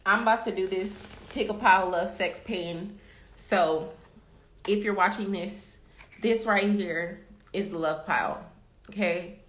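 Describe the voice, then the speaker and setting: A woman's voice: mid-range voice, unhurried, fairly bright tone. A young adult woman hosting a tarot reading livestream, chatting casually and emphatically to her viewers, calling them baby and y'all. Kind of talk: casual motivational chat to live viewers. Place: room at home. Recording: roomy echo.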